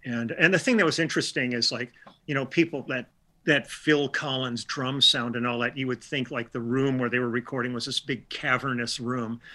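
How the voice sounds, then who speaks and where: A man's voice: mid-range voice, steady tone, moderate pace, bright, forceful tone. An older man from Milwaukee, a session musician being interviewed, telling chatty stories with restarts and quoted dialogue. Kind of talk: casual storytelling interview.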